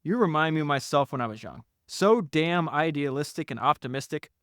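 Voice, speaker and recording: A man voicing a blunt, skeptical old Texan man who talks in a slow drawl, pitched well above his own voice. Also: animated, a bit bright, no echo, clean studio sound. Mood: gruff.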